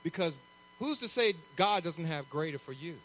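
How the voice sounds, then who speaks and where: High-voiced animated male pastor preaching. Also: moderate pace, a little hiss or hum. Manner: animated, conversational preaching with acted-out asides. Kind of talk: sermon.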